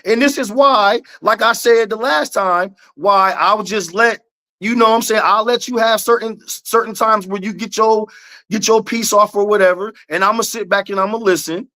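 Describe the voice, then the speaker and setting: High-voiced emphatic man debating. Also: normal speed, bright, forceful tone. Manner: emphatic, repeats points, uses slang. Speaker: podcast co-host. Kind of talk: casual debate chat.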